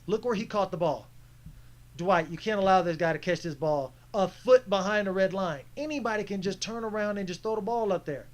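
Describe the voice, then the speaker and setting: A man's voice: high-pitched, fairly quick. A man commenting casually on footage of his own basketball game, frustrated and critiquing his teammates. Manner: frustrated, animated coaching critique.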